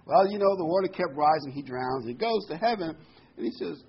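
A man's voice: a little high, animated, brisk, lo-fi sound, a little hiss or hum. A man preaching a sermon in a folksy way, with corny jokes and frequent ums.

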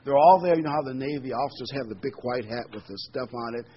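A male preacher delivers a sermon at a middling pitch, shifting between emphatic scripture reading and loose, folksy asides. The recording is a little dull, with a faint hiss behind him. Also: fast talker. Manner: conversational, folksy asides with fillers; reads scripture with rising emphasis.

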